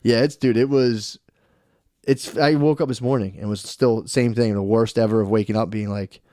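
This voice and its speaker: A man in his thirties co-hosting a podcast, telling a story in casual chat, animated, with lots of swearing and "dude". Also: fairly low pitch, moderate pace, no echo, clean studio sound. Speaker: podcast co-host.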